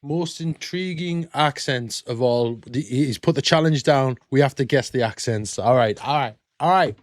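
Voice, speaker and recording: A man's voice: mid-range voice, moderate pace. A British man hosting a reaction video, chatting casually and joking in rambling asides. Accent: British English. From Britain.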